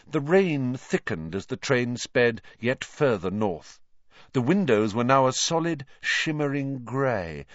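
A man reading a novel aloud as narrator, in an expressive, varied way. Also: mid-range voice, no echo, dull audio. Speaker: audiobook narrator.

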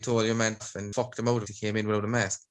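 A young Irish man hosting a podcast, telling animated stories and swearing freely. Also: lowish voice, quick pace. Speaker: podcast host. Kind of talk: casual chat.

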